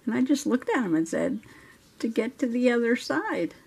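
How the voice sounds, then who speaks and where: This middle-aged journaling host's fairly high voice swings widely in pitch and has a gravelly, darkish tone with a breathy edge. At a moderate pace, she tells a chatty story while coloring, laughing often.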